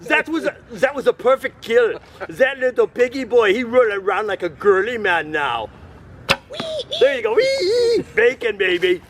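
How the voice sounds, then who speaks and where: A man's voice: very high-pitched, sing-song, measured pace, a crowd in the background, voice pushed up, full character voice. A man putting on a hammy fake Scandinavian accent as a boastful hunter who talks in broken English. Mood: gleeful.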